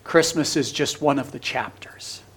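A man preaching a sermon, swinging from loud urgent pleading to hushed near-whispers and stretching out key phrases. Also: medium pitch, slightly rough. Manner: preaching with drawn-out emphatic phrases. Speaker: pastor.

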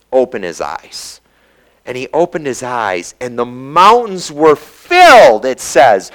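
Animated preacher man, lively voice. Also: on the high side. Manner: animated storytelling, briefly acting out the voices of biblical characters; reads scripture aloud in a measured cadence. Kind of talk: sermon.

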